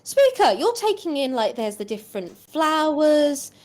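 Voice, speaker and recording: A woman's voice: sits high, big pitch swings, unhurried, darkish tone. A woman narrating a tabletop game as game master, chatty and full of fillers.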